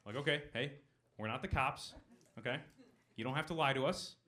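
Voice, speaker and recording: A young man performing a stand-up comedy set on a club stage, delivering deadpan punchlines and talking with the crowd. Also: medium pitch, brisk, slight background noise.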